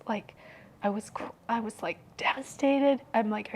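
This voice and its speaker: A woman speaking as a podcast guest in an open, personal conversation. She talks softly and haltingly and often drops to a hushed near-whisper. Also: medium pitch, slightly rough.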